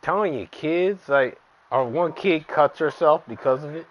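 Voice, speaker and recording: A man's voice: fairly high pitch, normal speed, dull audio, slight background noise. A man streaming a baseball game, bluntly telling a profane story in casual talk. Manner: blunt, profane, animated retelling. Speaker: gaming streamer. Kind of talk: casual storytelling while playing.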